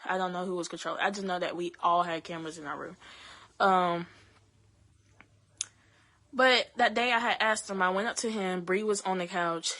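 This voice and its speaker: A young woman telling her own story to her viewers, halting, with many fillers and restarts. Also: fairly low pitch, pushed and bright. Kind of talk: emotional personal storytelling to camera.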